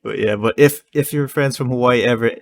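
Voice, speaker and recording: A man's voice: medium pitch, creaky. A young man chatting casually on a podcast, laughing and imitating phrases as he explains them. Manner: slow, lively, laughs and mimics phrases. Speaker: podcast guest.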